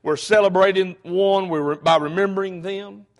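A man preaching a sermon, moving from calm word study to loud, fervent calls to his congregation, full of rhetorical questions. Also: sits high, normal speed. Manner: frequent fillers and restarts, rhetorical questions to the congregation.

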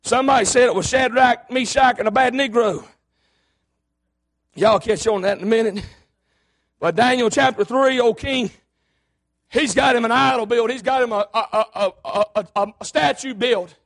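A preacher, giving a fervent sermon, often shouting, with a folksy storytelling manner. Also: male voice, very high-pitched, moderate pace, vocal fry, pauses often.

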